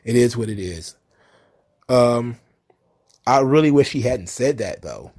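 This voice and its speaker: A man's voice: mid-range voice, expressive, measured pace, a little mellow, breathy edge. A man giving casual solo commentary on a wrestling show, blunt, sarcastic and profane.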